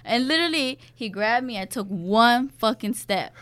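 Profane, animated young woman telling stories. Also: a little high, normal speed. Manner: animated, profane storytelling with loud acted quotes. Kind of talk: casual chat.

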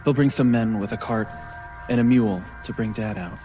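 An actor playing a tired teenage older brother in an audio drama, speaking in an even, weighted way. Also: male voice, fairly low pitch, a little fast, faint music behind, natural voice. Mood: grave. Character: weary teenage older brother, grave and steady.

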